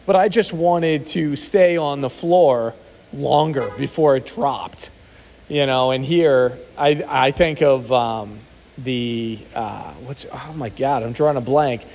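With a mid-range, darkish-toned voice and a slow pace, this podcast co-host chats casually about recovery. He's candid and reflective, now and then hunting for the right word.

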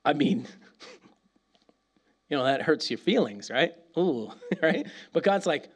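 A man preaching a casual, animated sermon, laughing often and acting out little dialogues. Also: a little high, slow pace, pauses often. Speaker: pastor.

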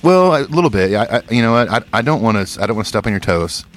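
A man co-hosting a podcast in relaxed, joking chat, chuckling and rambling. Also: lowish voice, rapid-fire, soft background music. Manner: playful, chuckling, rambling with restarts. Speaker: podcast co-host. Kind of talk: casual comedic chat.

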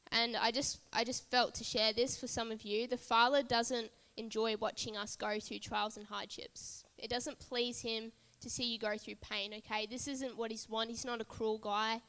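A woman's voice: fairly high pitch, flat delivery, normal speed, hardly any pauses, bright, forceful tone, in a large hall. A woman preaching a sermon at a church service, earnest and repetitive, building emphasis phrase by phrase.

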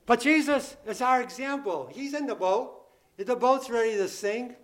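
A man's voice: very high voice, expressive, normal speed. A man preaching a sermon, emphatic and repetitive, asking the congregation questions and acting out the disciples' frightened pleas. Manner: emphatic, repeats key phrases, asks the congregation questions; acts out the disciples' panicked pleas in a raised voice.

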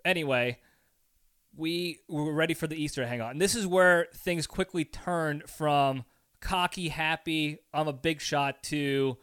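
A man hosting a podcast, telling a story in a casual chat in an animated way, acting out scenes and laughing often. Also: a little high, measured pace, smooth. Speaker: podcast host.

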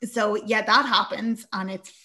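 A woman's voice: mid-range voice, steady tone, unhurried, sharp tone. Sweary woman recapping a film. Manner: chatty and sweary, acting out quoted lines. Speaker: podcast host. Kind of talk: casual chat retelling a film.

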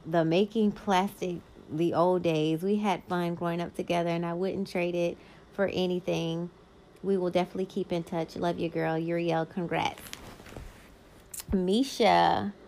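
A woman's voice: on the low side, creaky, slight background noise, poor audio. A woman in her thirties hosting a podcast, reading old notes aloud in a casual way with short asides of her own. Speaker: podcast host.

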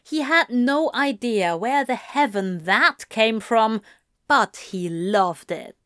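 A woman reading fan fiction aloud in an unhurried, intimate way. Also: a little high, expressive, a bit bright, dry recording, clean studio sound. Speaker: reader.

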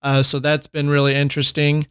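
A man's voice: fairly high pitch, completely flat delivery, brisk, a bit bright, clear, resonant tone, dry recording. Joking laid-back male podcast host. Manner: laid-back, jokey, trailing fillers. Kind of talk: casual chat.

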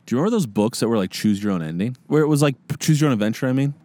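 Male co-host, playful casual chat, lively delivery, dry close-mic sound. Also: mid-range voice, rapid-fire, no room sound. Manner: playful, laughs often. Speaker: podcast co-host.

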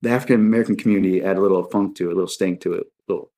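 A man's voice: low voice, fairly even intonation, rapid-fire, dark tone. A man talking in a casual, rambling and jokey way as a podcast guest. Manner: rambling, jokey, drops into mock voices. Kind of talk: casual chat.

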